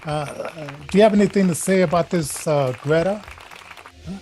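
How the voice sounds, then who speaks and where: A man's voice: fairly high pitch, moderate pace, dark tone, a little hiss or hum. A man co-hosting a talk show in a chatty, casual way, often stammering and restarting his sentences. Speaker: co-host.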